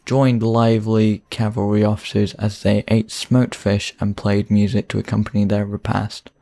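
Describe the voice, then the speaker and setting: A man voicing a young male valet's travel diary in a measured, mock-formal reading voice. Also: fairly low pitch, little pitch movement, creaky, mellow, no echo.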